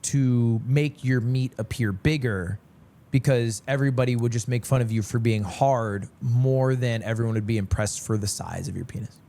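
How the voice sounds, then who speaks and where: A man telling a story in a deadpan, mock-serious way, acting out quotes along the way. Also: mid-range voice, moderate pace. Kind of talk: casual storytelling.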